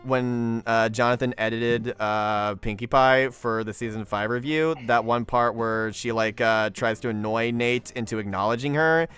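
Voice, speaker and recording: A man's voice: mid-range voice, fairly even intonation, moderate pace, hardly any pauses, fairly bright tone, smooth, soft background music. A man hosting a casual group chat online, rambling with many fillers and restarts. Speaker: podcast host.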